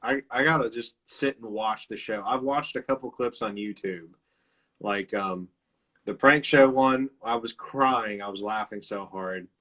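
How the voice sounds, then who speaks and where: A man's voice: on the low side, a little slow, a bit bright. A man hosting a casual video-call chat, rambling with loose swearing and frequent laughs. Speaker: interview host.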